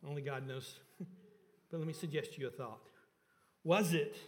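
Guy preaching, pretty high voice, swells up then goes real quiet on the big points, church echo. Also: moderate pace, pauses often. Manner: rises and falls in pitch and volume for emphasis, dropping low and soft on key points; asks the congregation questions. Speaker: pastor. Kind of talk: sermon. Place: church sanctuary.

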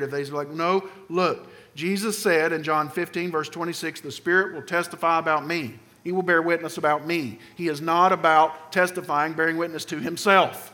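A man preaching a sermon with emphasis, putting questions to the congregation and swinging between loud and soft passages. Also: a little high. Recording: long hall reverb.

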